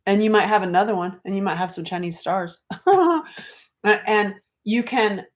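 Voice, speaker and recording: A middle-aged woman from North Carolina, an author talking casually on a livestream, chatty and animated, acting out quoted voices. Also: medium pitch, normal speed. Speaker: author and speaker.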